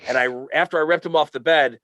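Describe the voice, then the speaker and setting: A man telling a funny childhood story as a podcast guest, full of fillers and restarts, getting animated when he quotes himself. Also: on the high side, fast, dry recording. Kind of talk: casual storytelling.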